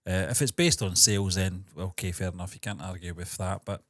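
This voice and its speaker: A man co-hosting a podcast, chatting casually with dry jokes and quick questions. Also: sits low, fairly even intonation, dry recording. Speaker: podcast co-host. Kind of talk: casual chat.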